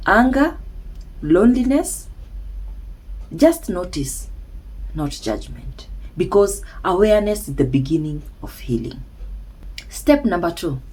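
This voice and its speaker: A woman speaking slowly and emphatically as a self-help speaker, with dramatic pauses and hushed asides. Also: mid-range voice, slightly rough, poor audio. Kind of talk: slow reflective monologue.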